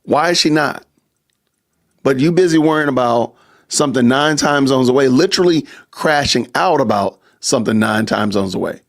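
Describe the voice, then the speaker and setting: Gravelly-voiced man hosting a live stream. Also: mid-range voice, fairly quick. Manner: chatty, reads viewer super chats aloud, frequent laughs and asides. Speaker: podcast host. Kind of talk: casual live-stream commentary.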